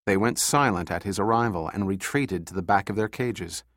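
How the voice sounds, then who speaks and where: A man's voice: deep voice, no room sound. Male audiobook narrator, dry close sound. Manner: steady, measured reading.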